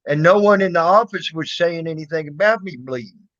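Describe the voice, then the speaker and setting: A man's voice: fairly high pitch, brisk, a bit bright. A man casually telling a childhood story, rambling and swearing, full of fillers and restarts. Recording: dull lo-fi recording.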